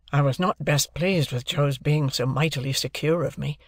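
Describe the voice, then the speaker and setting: A man's voice: on the high side, no echo, clean studio sound. Man reading a classic novel aloud. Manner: measured, even reading of classic prose. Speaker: audiobook narrator. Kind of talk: scripted audiobook narration.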